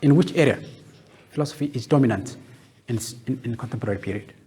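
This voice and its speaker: A man's voice: medium pitch, warm tone, husky. A man giving a classroom lecture, listing terms one by one and answering his own questions. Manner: asks questions and answers them himself; lists terms one by one with pauses.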